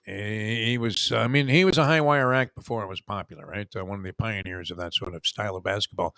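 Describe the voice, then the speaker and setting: A man's voice: lowish voice, quick pace, creaky, hardly any pauses, sharp tone, dry recording, clean studio sound. A man hosting a sports radio show, chatting loosely and running a call-in trivia game. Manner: loose, joking, filler-heavy banter. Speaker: radio host.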